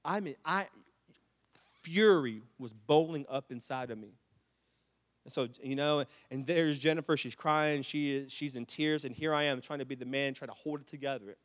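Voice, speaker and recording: A middle-aged man preaching a sermon, telling stories with repeated restarts and building to loud, impassioned climaxes. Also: medium pitch, moderate pace, in a large hall. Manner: storytelling with repetitions and restarts. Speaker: pastor.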